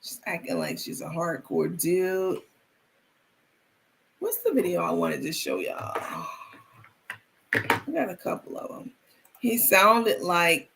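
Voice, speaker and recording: A woman's voice: mid-range voice, vocal fry, bright, forceful tone. A woman hosting a live stream, chatting casually and reading viewer comments aloud with frequent restarts.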